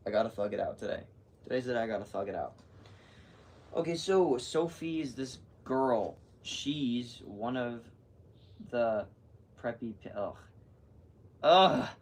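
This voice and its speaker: A man's voice: fairly low pitch, vocal fry. Rambling teen guy vlogging from afar. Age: teens. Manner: rambling, heavy use of "like", animated retelling. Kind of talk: casual chatty vlog. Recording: distant mic with faint background noise.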